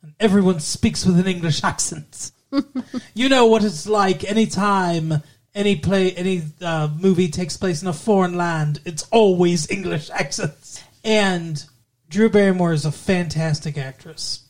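A man's voice: high-pitched, measured pace. A man co-hosting a podcast, chatting casually and rambling about a movie, with casual swearing. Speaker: podcast co-host. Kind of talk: casual movie review chat.

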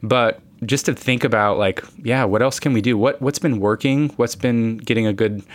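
A man's voice: mid-range voice, normal speed. A man co-hosting a podcast, a therapist reflecting earnestly on his work with some playful teasing. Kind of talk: casual chat.

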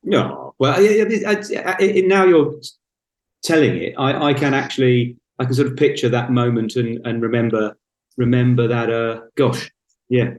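A man talking as a podcast guest, often stalling and repeating his first words before he gets going. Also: mid-range voice. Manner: halting, repeats words at the start of sentences. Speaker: guest, author and speaker. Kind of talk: casual podcast conversation. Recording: roomy, echoey sound.

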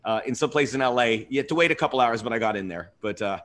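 A man hosting his own podcast in an easy, conversational way. He reflects as he talks and keeps the chat moving. His voice sits at an everyday middle pitch. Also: fast, fairly bright tone. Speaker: podcast host.

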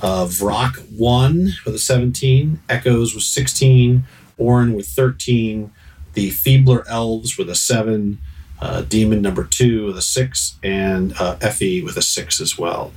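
A man's voice: lowish voice, unhurried, a little mellow, breathy edge, far from the mic. A man running a tabletop game as game master, describing scenes in a rambling way with lots of hesitations. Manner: rambling, full of hesitations and "sort of, like".

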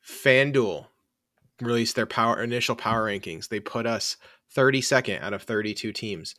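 A man with a low-set but bright, forceful voice hosts a casual sports podcast. He keeps the chat moving and breaks into laughter often. The sound is dry and close to the mic. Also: dry recording. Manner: laughs often, runs the segments. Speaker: podcast host.

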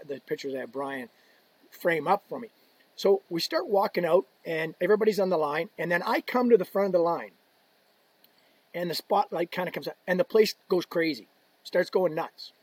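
A man telling a story on a podcast as a guest, animated, swearing often and acting out what people said. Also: fairly high pitch, fairly quick, slightly rough, dry recording, rough recording. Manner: animated, swearing, acts out quotes. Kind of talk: casual storytelling.

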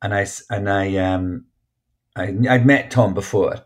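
A man's voice: sits low, a little slow. A Scottish man, an actor and author, telling stories frankly in an interview with lots of restarts. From Scotland. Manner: chatty, frank, many restarts. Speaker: actor and memoir author, guest. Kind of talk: casual interview storytelling.

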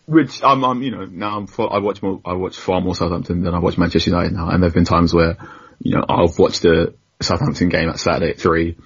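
A young man with a very low, husky voice tells stories in a relaxed, rambling interview. He pokes fun at himself and laughs often. The audio is dull and lo-fi. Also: a little fast. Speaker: football journalist, guest. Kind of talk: casual storytelling interview.

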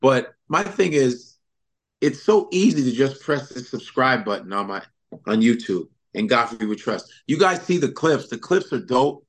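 A man's voice: mid-range voice, normal speed. A man who is a comedian, chatting casually in an interview, telling stories with lots of laughter. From Chicago comedy scene. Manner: animated storyteller, slips into impressions, laughs often. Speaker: comedian guest.

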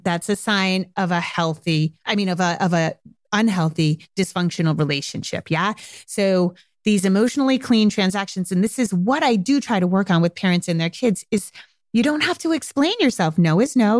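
A woman's voice: mid-range voice, dry recording, studio quality. Frank, swearing woman podcast host. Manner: frank and conversational, swears casually, acts out little dialogues. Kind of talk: casual podcast monologue.

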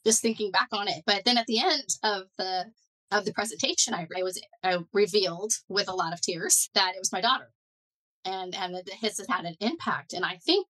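Poor audio captures a mid-range female voice at normal speed. The speaker, a middle-aged neuroscientist and foundation director, is a guest in a conversational interview. She recounts her story animatedly and leans on plenty of "like" and "you know" fillers.

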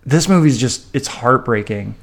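A man's voice: mid-range voice, moderate pace. Chatty podcast co-host man. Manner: animated, stammering restarts, playful. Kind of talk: casual chat.

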